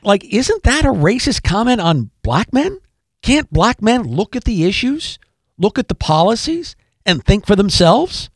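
A man's voice: high-pitched, sing-song, unhurried, no echo, clean studio sound. A man hosting a podcast, delivering an emphatic political commentary monologue, repeating key phrases and addressing listeners directly. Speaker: podcast host.

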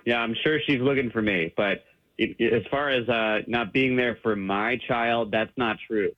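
A man's voice: mid-range voice, moderate pace, dry recording. A man on the phone with a radio show, speaking in a bitter, accusing way. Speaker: caller on the phone. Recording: tinny phone line.

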